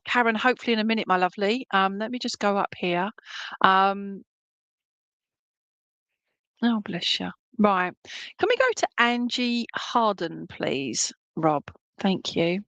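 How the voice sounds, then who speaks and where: A woman's voice: medium pitch, slow pace, long pauses, fairly bright tone, dry recording, muffled recording. A woman working as a medium, giving a chatty, reassuring clairvoyant reading at a church service and often checking in with her listeners.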